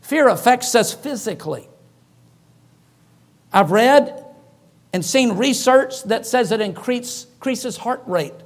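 A pastor with a high voice preaches to his congregation. He tells his stories in an animated way and acts out the voices of the people in them. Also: takes it slowly, pauses often. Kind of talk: sermon storytelling.

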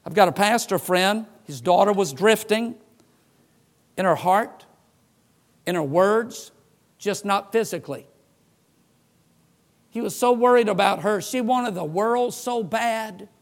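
Preaching slowly and pausing often, a middle-aged male pastor speaks in a noticeably high voice for a man. He tells his stories with animation, acting out the voices of those he quotes.

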